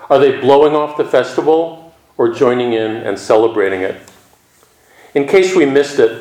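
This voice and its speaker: A man delivers a Zen dharma talk, his mid-pitched voice calm, reflective and gently wry. It was recorded in an echoey room. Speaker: Zen teacher.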